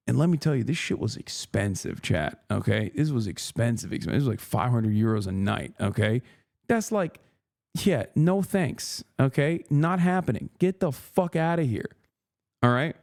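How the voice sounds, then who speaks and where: A man's voice: medium pitch, a little slow, gravelly, a little mellow. A man in his thirties, a streamer telling a long, profane, exasperated story in casual livestream chat.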